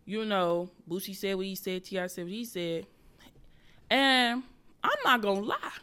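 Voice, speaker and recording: Bright-voiced woman comedian, animated. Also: mid-range voice, measured pace, clear, resonant tone. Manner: animated, profane, confessional. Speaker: comedian and podcast host. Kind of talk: casual storytelling monologue.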